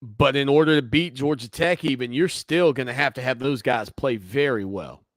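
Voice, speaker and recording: A man's voice: mid-range voice, normal speed, dry recording, clean studio sound. Opinionated male sports radio host. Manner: conversational, opinionated, teasing asides. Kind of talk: sports talk radio monologue.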